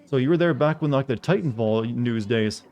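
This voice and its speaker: A man streaming a video game, chatting casually in a dry monotone. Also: medium pitch, brisk.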